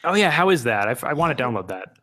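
A man co-hosting a podcast in casual chat, excitable and swearing, his pitch leaping up when he gets worked up. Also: quick pace. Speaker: podcast co-host.

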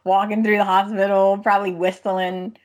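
A woman's voice: medium pitch, little pitch movement, moderate pace. A woman co-hosting a podcast, chatting casually as she recaps soap opera episodes and acts out the characters' lines. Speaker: podcast co-host.

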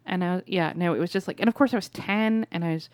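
Woman podcast host gushing thru a movie recap, dry close mic, lively. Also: on the low side, quick pace, no echo. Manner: animated storytelling with excited quoted voices. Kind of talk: casual movie recap chat.

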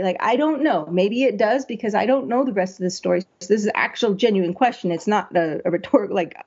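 A woman's voice: a little high, a little mellow, breathy edge, dull audio. A woman giving a conversational critique of a story draft, thinking aloud and asking herself questions as she works. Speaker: writing editor.

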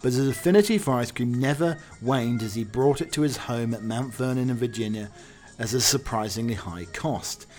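A man's voice: medium pitch, moderate pace, a little mellow, faint music behind. A man hosting a podcast, riffing jokingly with lots of fillers and restarts. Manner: rambling, jokey, filler-heavy. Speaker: podcast host. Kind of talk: casual solo commentary.

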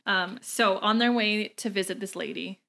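A woman in a casual podcast chat, retelling a story in an animated way, acting out quotes and laughing often. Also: mid-range voice, normal speed, vocal fry.

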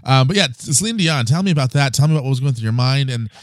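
A man hosts a podcast interview, rambling with lots of fillers and plenty of excitement. His voice has a middle pitch and is recorded dry and close. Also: racing, dry recording. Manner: enthusiastic, filler-heavy, rambling. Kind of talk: casual interview chat.

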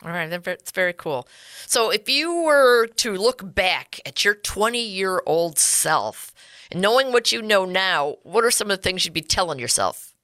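A woman's voice: medium pitch, sing-song, measured pace, pushed and bright, no room sound, clean studio sound. A woman hosting a podcast interview and asking follow-up questions. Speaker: podcast host.

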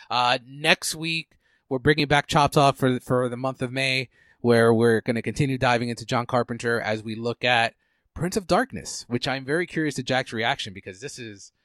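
A man hosting a podcast in casual chat, relaxed and rambling, with lots of fillers. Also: medium pitch, dry recording, clean studio sound. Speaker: podcast host.

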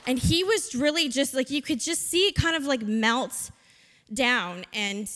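Bright-voiced woman telling a church story. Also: sits high, animated, slow, a faint crowd, slight background noise. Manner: earnest storytelling with fillers. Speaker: children's ministry leader. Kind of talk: church testimony talk. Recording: reverberant church hall.

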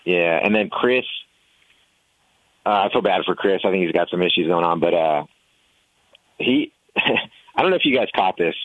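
A man's voice: sits low, expressive, normal speed, pauses often, no room sound. A man chatting casually on a roundtable, candid and opinionated, sometimes mimicking others. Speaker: podcast roundtable guest. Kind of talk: casual chat. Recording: tinny phone-line sound.

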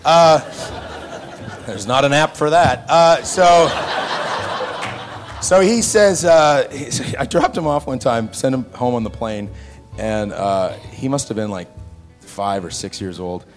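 A man telling an anecdote to an audience in a hall, animated and acting out the other people's voices. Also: medium pitch, slow, pauses often, faint music behind. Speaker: actor telling a set anecdote. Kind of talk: onstage storytelling. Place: stage before an audience in a hall.

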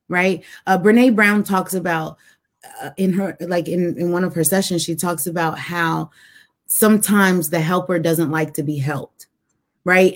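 A woman guest telling a personal story with animation, acting out voices and dialogue as she goes. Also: on the low side.

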